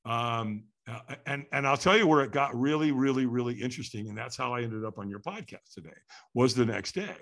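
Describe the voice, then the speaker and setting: A man telling a story as a podcast guest, animated and acting out quotes with sudden shouts. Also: mid-range voice, brisk.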